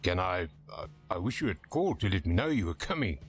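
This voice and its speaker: An actor playing a rugged older-brother helicopter tour pilot with a South African accent, blunt and easygoing, in a game. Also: male voice, low voice, very animated, brisk, faint music behind. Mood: gruff.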